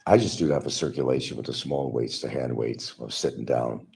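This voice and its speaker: A man's voice: very deep voice, a little fast, gravelly, a little mellow. A man hosting a stream, giving a combative, mocking monologue aimed at absent rivals. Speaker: livestream host. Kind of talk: ranting monologue.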